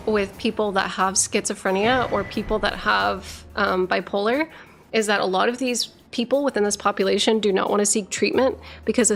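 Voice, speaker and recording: A woman streamer with a medium-pitched, fairly bright voice chats casually with her viewers and reads out their messages. She rambles, full of fillers and restarts, swears freely, and slurs slightly as she struggles a bit to get her words out.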